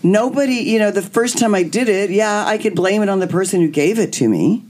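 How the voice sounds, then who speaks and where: Woman guest spilling a personal story, lively, acts out the quotes. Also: medium pitch, a little fast.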